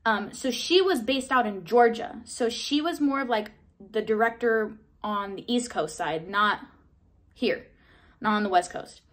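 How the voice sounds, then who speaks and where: A young woman in her twenties telling a casual vlog story, chatty, full of "like" and mild swearing, jumping into excited high bursts when she replays her own reactions. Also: unhurried. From Southern California. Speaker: vlogger.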